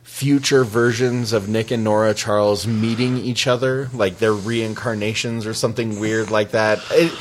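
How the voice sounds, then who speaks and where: A man's voice: fairly low pitch, fairly even intonation, moderate pace, few pauses, slight background noise. Rambling, laughing male podcast host. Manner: rambling, laughs often, swears. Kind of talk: casual podcast chat.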